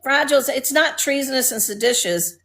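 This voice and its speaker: A woman's voice: high voice, a little fast, pushed and bright. A woman from Texas co-hosting a casual political talk show, talking in a blunt, mocking way with frequent restarts. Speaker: co-host.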